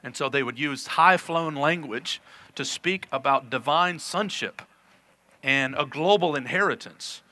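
Male pastor, bright voice, earnest sermon delivery with emphatic scripture reading. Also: a little high, a little slow. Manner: earnest preaching, reads scripture aloud with emphasis.

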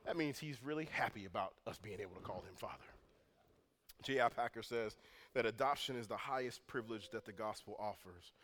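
A man preaching a sermon as pastor, moving from calm teaching to loud, intense passages. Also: on the low side, a little fast, a little hiss or hum. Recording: long hall reverb.

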